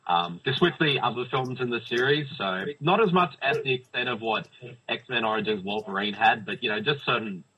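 A man co-hosting a casual movie review podcast, chatty and quick to laugh. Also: mid-range voice, lively intonation, sharp tone, husky, highs cut off. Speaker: podcast co-host.

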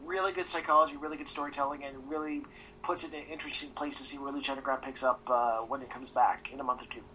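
A man's voice: mid-range voice, fairly even intonation, fast talker, bright, forceful tone, distant mic, a little hiss or hum, rough recording. A man co-hosting a casual wrestling podcast, joking dryly and leaning on filler words. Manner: dry joking, many "like" fillers. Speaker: podcast co-host. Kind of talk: casual chat.

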